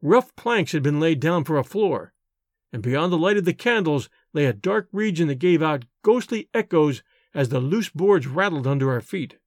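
A man narrating a first-person novel as an audiobook, expressive and storytelling in manner. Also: a little high, moderate pace, dry recording, studio quality.

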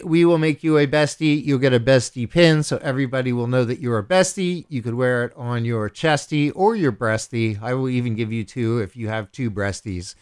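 A man behind the studio mic of a small radio station, chatting loosely and joking his way through a pitch for listener support. His voice is smooth and clear, sitting at an ordinary middle pitch, and he rambles with a light, goofy humor. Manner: playful, jokey, rambling. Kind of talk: casual on-air donation pitch.

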